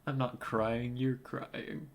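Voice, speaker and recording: A man's voice: mid-range voice, level tone, slow pace, vocal fry. A man giving casual, emotional let's-play commentary into a headset, chatting and laughing often as he reacts to the game. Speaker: game streamer.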